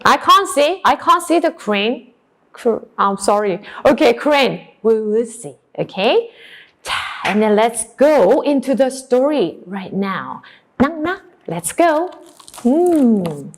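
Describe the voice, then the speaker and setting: Woman teacher for a young kids' storytime demo, very slow, lively and high. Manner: slow, exaggerated and animated. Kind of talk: storytelling class demonstration.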